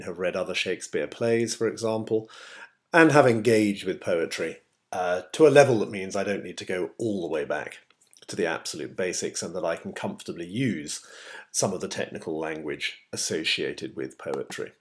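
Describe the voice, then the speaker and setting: An English male teacher giving a measured, explanatory screencast lecture with many pauses. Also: low-pitched, darkish tone. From England.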